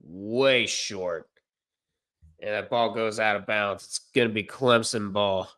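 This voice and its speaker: Slow-talking amateur male play-by-play caller. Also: lowish voice. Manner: unpolished, self-correcting, deadpan asides. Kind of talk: livestream play-by-play commentary.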